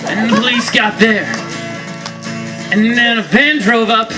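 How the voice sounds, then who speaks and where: A man telling a comic tall tale as a story-song, switching between speaking, singing and dramatic shouts over guitar at a camp gathering. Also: very high-pitched, fairly even intonation, unhurried, low-quality recording. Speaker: camp counselor performing a song.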